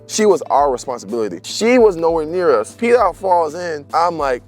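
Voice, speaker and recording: A man's voice: on the high side, sing-song, moderate pace, faint music behind. A young man telling a story in casual, slangy chat and laughing as he goes.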